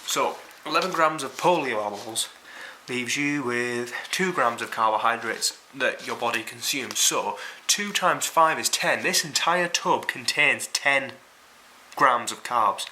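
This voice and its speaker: Young Yorkshire man, very bright voice, offhand and sweary vlog review, faint noise behind. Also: medium pitch, expressive, takes it slowly, low-quality recording. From Yorkshire, England. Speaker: vlogger reviewing food. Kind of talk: casual product review.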